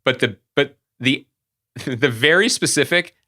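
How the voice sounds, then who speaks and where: A man co-hosting a podcast, riffing in casual chat with an animated, sarcastic and profane manner. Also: medium pitch, a little slow, no room sound, clean studio sound. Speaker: podcast co-host.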